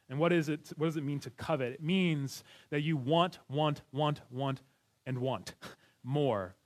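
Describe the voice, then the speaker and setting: A pastor delivers a sermon to his congregation in an earnest, conversational manner, restarting sentences and letting out light laughs. His voice is fairly high-pitched and he speaks at a normal speed.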